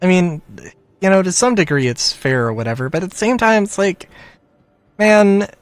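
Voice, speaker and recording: A gaming commentator rants casually to camera about a game, frustrated and rambling, with many fillers, sighs, and short laughs between phrases. His voice sits high and sounds animated and clean, at normal speed in a dry recording.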